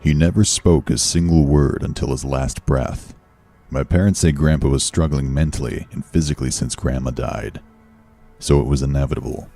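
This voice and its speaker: A man giving a slow, measured scripted horror narration. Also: a bass voice, fairly even intonation, creaky, warm tone, soft background music. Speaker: story narrator.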